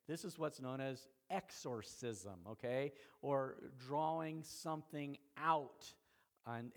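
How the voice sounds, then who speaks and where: A man preaching a Sunday sermon in a conversational way, often checking in with the congregation. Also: medium pitch. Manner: conversational preaching, frequent "okay?" check-ins. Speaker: pastor.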